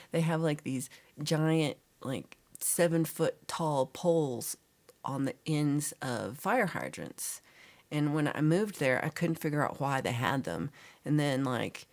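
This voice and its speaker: A woman's voice: low-pitched, a little mellow. A middle-aged woman, hosting a casual livestream chat and teasing viewers as she reads their comments aloud. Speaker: livestream host.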